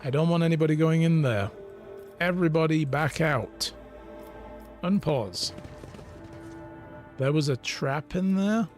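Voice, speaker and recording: A man streaming a video game, reacting excitedly and reading in-game text aloud. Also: a little high, unhurried, pauses often, soft background music. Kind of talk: let's play commentary.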